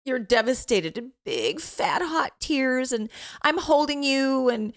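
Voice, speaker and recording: A middle-aged woman chatting casually on a podcast as a mother, animated, laughing often and swearing freely. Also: sits high, slow. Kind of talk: casual chat.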